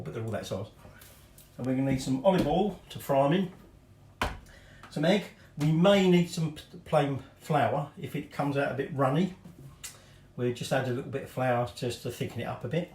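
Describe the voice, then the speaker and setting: Middle-aged male cooking host, rambling and self-mocking, mid pitch, roomy kitchen echo with faint noise. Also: a little mellow. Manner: chatty, rambling, self-deprecating asides. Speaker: home cooking show host. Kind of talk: casual cooking demonstration. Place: home kitchen.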